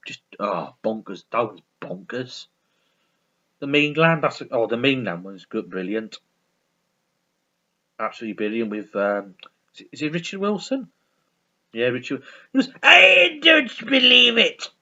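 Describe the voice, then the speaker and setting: A man's voice: lowish voice, very animated, a little slow, long pauses, fairly bright tone, lo-fi sound. A man hosting his own video, chatting casually and enthusiastically about a favourite comedy, repeating himself and swearing freely. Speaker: video host.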